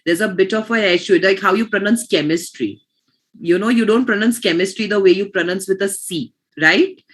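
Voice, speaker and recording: A woman's voice: mid-range voice, fairly quick. A woman teaching pronunciation in an online class, explaining patiently and restarting her phrases.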